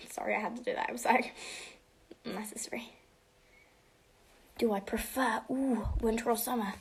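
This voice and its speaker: A teenage girl answering fan questions on a home livestream, chatting casually and switching between English and Spanish, sometimes dropping to a soft half-whisper. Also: on the high side, fairly even intonation, moderate pace, pauses often. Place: home room.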